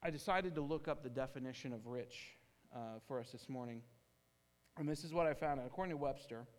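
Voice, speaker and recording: Man preaching in a reverberant hall. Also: mid-range voice. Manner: earnest storytelling with halting restarts. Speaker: pastor. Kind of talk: sermon.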